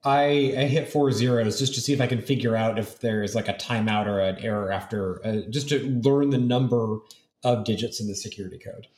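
A guest player in an audio puzzle game talks through clues in casual chat, often starting over. His voice is fairly low, steady, fairly quick and a little mellow, with a roomy echo around it.

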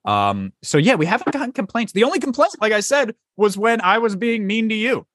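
A man's voice: sits high, sing-song, fairly quick, a bit bright, dry recording, studio quality. A young man hosting a podcast, chatting casually with loose, profane, joking banter. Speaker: podcast host.

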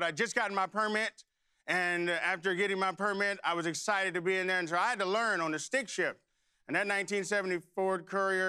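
A man's voice: fairly high pitch, bright, forceful tone, clean tone. A middle-aged man preaching a sermon, telling a folksy personal story and then leading prayer. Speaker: pastor.

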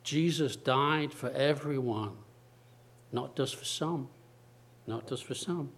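A male preacher delivering a sermon at an unhurried pace, leaning on repetition and long pauses between phrases. His voice sits at an ordinary middle pitch. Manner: slow, deliberate preaching with repeated phrases and dramatic pauses.

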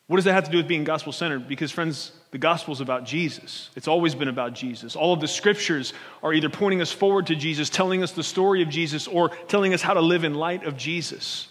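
A man's voice: a little high, quick pace, fairly bright tone. A male pastor preaching a sermon in a conversational way, often checking in with his congregation. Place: church sanctuary. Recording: long church hall reverb.

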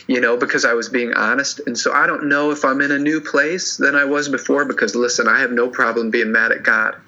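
A man sharing his story as a podcast guest, earnest and halting with many restarts, and teary. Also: mid-range voice, bright, forceful tone, highs cut off. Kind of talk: emotional personal interview.

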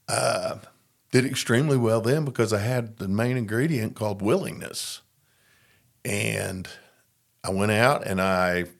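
Slow, gravelly-voiced man sharing his story. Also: lowish voice. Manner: plainspoken, reflective, halting with fillers. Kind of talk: testimony in an interview.

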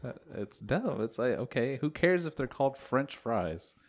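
A man's voice: medium pitch, sing-song, normal speed. A man in casual podcast chat, wry and dry-humored, who laughs easily.

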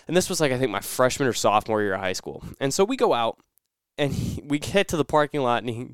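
A man's voice: mid-range voice, lively intonation, quick pace, smooth, no echo, studio quality. A young man hosting a casual solo podcast, rambling and correcting himself as he tells stories. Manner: rambling, self-correcting storyteller. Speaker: podcast host.

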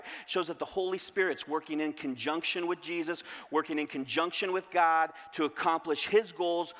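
A man preaching a sermon as pastor, repeating key phrases and asking rhetorical questions in a lively way. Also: fairly high pitch. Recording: long hall reverb.

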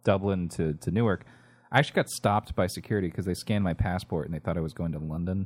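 A man's voice: sits low, fast talker, slight background noise. A man co-hosting a podcast, telling a rambling story in casual banter. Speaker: podcast co-host.

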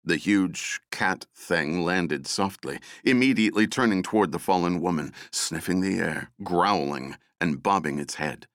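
A man narrating an action novel as an audiobook, dramatic and expressive. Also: low voice, measured pace, hardly any pauses, dry recording, clean studio sound. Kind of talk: scripted narration.

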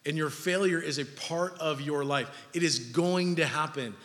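A man in his thirties preaching a sermon, animated and jokey, acting out little everyday scenes to make his points. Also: on the high side, normal speed. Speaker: pastor. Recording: long hall reverb.

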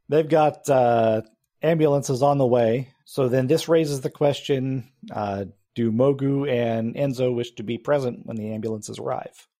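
Male game master, warm mellow voice, relaxed halting delivery. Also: medium pitch. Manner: relaxed, halting, with many fillers. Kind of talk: narrating a tabletop game.

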